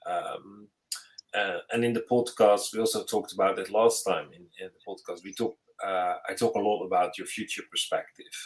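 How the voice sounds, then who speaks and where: Lowish-voiced man hosting a podcast. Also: fairly even intonation, moderate pace, low-quality recording. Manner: thoughtful, searching phrasing with frequent restarts. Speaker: podcast host, futurist. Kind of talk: casual conversational interview.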